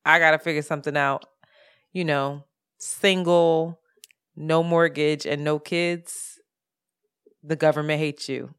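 A woman co-hosting a casual podcast, telling a story in an animated way with sudden jumps in pitch and plenty of swearing. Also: takes it slowly, long pauses, smooth. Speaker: podcast co-host. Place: apartment in Brooklyn, street sirens outside.

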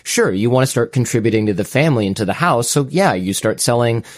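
A man's voice: medium pitch, expressive, fast talker, no room sound, clean studio sound. A man hosting an interview, talking in a casual, engaged, conversational way. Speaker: host.

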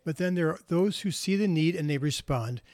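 A man giving a reflective talk, telling moral stories gently and unhurriedly, with pauses and small restarts. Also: a little high, dry recording. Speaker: speaker sharing moral stories.

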